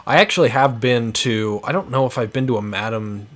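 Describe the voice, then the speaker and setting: A man's voice: fairly low pitch, fairly even intonation, moderate pace. A man giving casual, self-mocking gameplay commentary and swearing freely. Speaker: video game let's-player.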